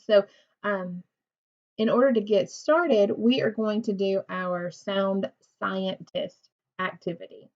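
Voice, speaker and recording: A woman teaching a phonics lesson to second graders, patient and encouraging, drawing out words. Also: medium pitch. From United States. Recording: dull lo-fi recording.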